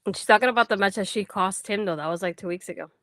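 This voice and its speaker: A woman's voice: medium pitch, very fast, fairly bright tone, no room sound. A woman co-hosting a casual wrestling post-show, blunt and sarcastic in her opinions. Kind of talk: casual chat.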